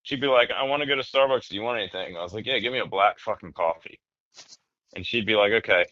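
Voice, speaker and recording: A man in casual podcast chat, telling rambling, animated stories and swearing often. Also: on the low side, quick pace, dry recording, dull audio.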